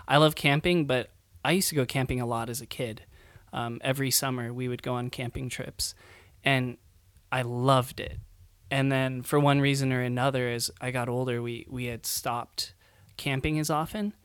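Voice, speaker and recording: A man's voice: medium pitch, fairly even intonation, normal speed, fairly bright tone, smooth, no room sound. A young man and new father, co-hosting a podcast in casual chat, rambling with lots of fillers and laughs as he tells stories. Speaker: podcast co-host.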